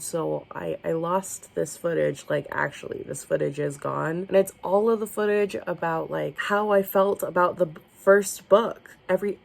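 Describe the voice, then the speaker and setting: A young woman book vlogger chatting casually at home, swearing freely and gushing about her reading. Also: vocal fry. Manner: chatty, swears casually, talks to her dog in a high baby voice. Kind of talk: casual reading vlog chat.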